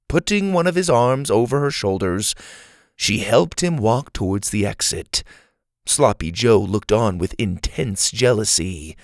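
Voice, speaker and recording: A man reading a children's story aloud at an even, steady pace. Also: on the low side, measured pace, dry recording.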